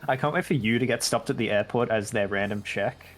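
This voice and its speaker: Very deep-voiced teasing woman. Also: fairly quick, soft background music. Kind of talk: casual chat.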